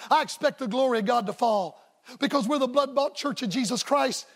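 A man preaching a revival sermon as a staff evangelist, folksy and emphatic, sometimes rising to shouts. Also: very high voice, brisk, gravelly.

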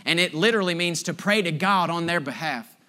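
A middle-aged male pastor delivers a sermon in a high, bright voice. He tells stories from the pulpit, moving between emphatic lines and hushed, drawn-out points. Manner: storytelling, swings from emphatic to hushed and slow.

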